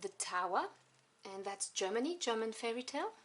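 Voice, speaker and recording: A woman casually reviewing a tarot deck at home, chatty and enthusiastic, with soft asides as she flips through the cards. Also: a little high, big pitch swings, brisk. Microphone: camera on tripod. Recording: noisy home recording with clicks.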